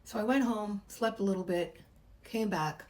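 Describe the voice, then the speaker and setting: A woman's voice: medium pitch, moderate pace, darkish tone, low-quality recording. A middle-aged woman, a massage therapist, chattily telling a personal story and acting out the voices she quotes. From United States.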